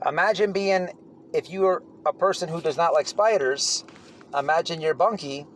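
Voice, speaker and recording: A man spins a casual, rambling tale in a somewhat high voice. He is blunt and swears freely, backing up to restart his sentences as he goes. A faint background noise sits under his voice. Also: moderate pace, fairly bright tone. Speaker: channel host telling prison stories. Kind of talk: casual storytelling monologue.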